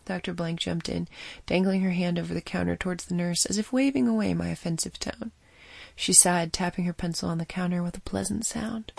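A woman's voice: on the low side, steady tone, fairly quick, vocal fry, husky, no room sound. A woman reading a scripted first-person audio drama as narrator, with a wry storytelling manner.

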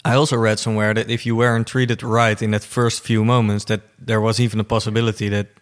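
A man's voice: lowish voice, level tone, fast talker. A man narrating a sports story and asking interview questions in an easygoing, conversational way.

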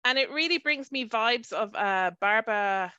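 A woman co-hosting a casual podcast chat, animated and acting out her own thoughts. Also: on the high side, moderate pace, clean tone, dry recording, lo-fi sound. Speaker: podcast co-host.

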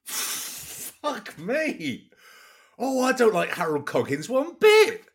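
A man's voice: extremely high pitch, wildly swooping pitch, takes it slowly, slightly rough. A man co-hosting a podcast who reacts with exaggerated outrage in casual chat. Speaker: podcast co-host.

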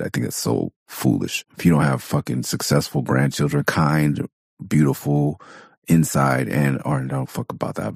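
A man's voice: a bass voice, vocal fry, husky, no echo, studio quality. A man from Southern California hosting his own podcast, a father of four, talking in a blunt, profane, candid way and laughing often. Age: adult parent of four. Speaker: podcast host. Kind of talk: casual podcast monologue.

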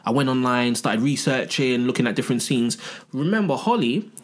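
A man chatting on a podcast, joking as he lays out a story piece by piece. His voice sits at a middle pitch. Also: lively intonation, a little fast. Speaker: podcast co-host. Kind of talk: casual podcast chat.

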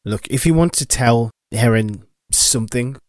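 A man's voice: mid-range voice, a little slow, no echo. A man playing a tabletop game, speaking in a skeptical, questioning way. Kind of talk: casual in-character chat.

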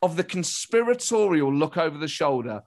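A man's voice: a little high, fairly quick. Man, British, comedian guest, casual podcast chat, rambling, restarts. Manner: animated, rambling, restarts mid-thought.

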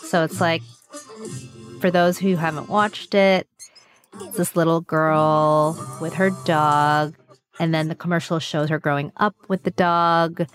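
A woman co-hosting a beauty podcast in casual chat, animated, laughing often and swearing casually. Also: sits low, unhurried, soft background music. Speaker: podcast co-host.

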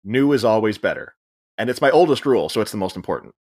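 A man's voice: on the low side, animated, quick pace, darkish tone. A young adult man co-hosting a podcast, retelling film scenes with jokey asides. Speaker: podcast co-host. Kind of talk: casual film recap chat.

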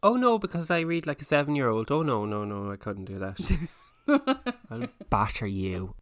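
A man's voice: fairly high pitch, big pitch swings, no echo. A man co-hosting a podcast, joking casually and teasing his co-host. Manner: playful, jokey, reads aloud haltingly. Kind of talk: casual chat.

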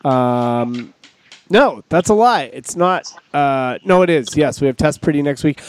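A man's voice: a little high, lively intonation, measured pace, clear, resonant tone. A man hosting a casual comedy podcast, telling rambling, self-mocking stories. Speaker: podcast host.

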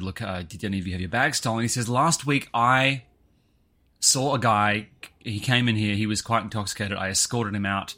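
A man tells a story in casual podcast chat, his voice bright and forceful. He is animated, jumping up in pitch when he voices other people, and his pitch sits a little low. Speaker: podcast co-host.

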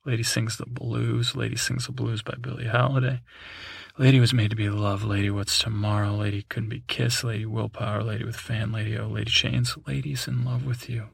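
This sleep podcast host has a medium-pitched, gravelly, slightly rough voice, recorded dry. He drowsily reads through a long list, adding chuckles and asides and breaking into snatches of song.

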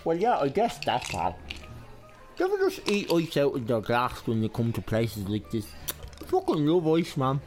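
An actor playing a dim-witted, food-obsessed club crony who talks in a goofy, blunt way. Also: male voice, mid-range voice, huge pitch swings, normal speed, a little mellow, soft background music. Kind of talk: comedic audio drama acting.

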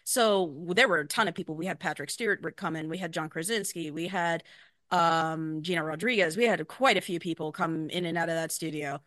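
A woman's voice: sits low, a little fast, a bit bright, no echo, studio quality. A woman from New York, a guest on a podcast, talking chattily and gushing, with many fillers. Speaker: production company staff, guest. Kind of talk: casual interview chat.

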